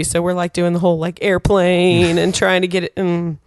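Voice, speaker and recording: A woman in her thirties co-hosting a parenting podcast, telling a family story in a relaxed, chatty way with laughs. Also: moderate pace, no room sound. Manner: laughing, storytelling, quotes kids in high voices. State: fighting a cold. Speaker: co-host. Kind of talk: casual podcast chat.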